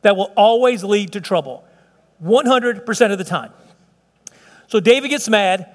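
A middle-aged pastor with a high voice delivers a sermon in a casual, joking manner, stumbling and restarting as he goes. His voice carries a long church reverb. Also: moderate pace. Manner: conversational, playful asides with many restarts.

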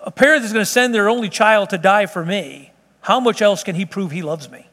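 A man's voice: high-pitched, fairly quick, a bit bright. A man preaching a sermon from the pulpit, driving his points home with emphatic repetition. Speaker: pastor. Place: church sanctuary. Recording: long hall reverb.

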